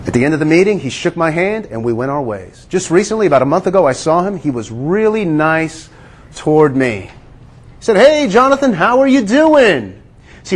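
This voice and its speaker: A man preaching a sermon, earnest and questioning his listeners, slowing down to stress key words. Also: high voice. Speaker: pastor.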